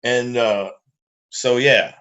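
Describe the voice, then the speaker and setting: A middle-aged man telling a profane, animated story in casual chat and acting out the voices of the people in it. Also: mid-range voice, very slow, highs cut off. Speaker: guest musician.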